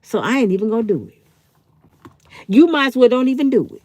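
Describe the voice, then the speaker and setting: A woman in her fifties talks straight to her live-stream chat, blunt, heated and swearing. Her voice sits a little high and swings widely in pitch. The sound is dry and close. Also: sing-song, fast, a little mellow, dry recording. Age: 50s. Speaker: channel host.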